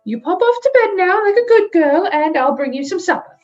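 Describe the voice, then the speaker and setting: A woman voicing a fussy, anxious little mother in a storybook reading, her voice high and quavering, over faint music. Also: animated, brisk, a little mellow, lo-fi sound. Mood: fussing. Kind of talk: storybook read-aloud.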